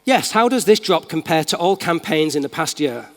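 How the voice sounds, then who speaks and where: A man's voice: fairly high pitch, expressive, moderate pace. A man with a Manchester accent giving an enthusiastic, casual live tech demo as a conference keynote speaker in a large hall. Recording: long hall reverb.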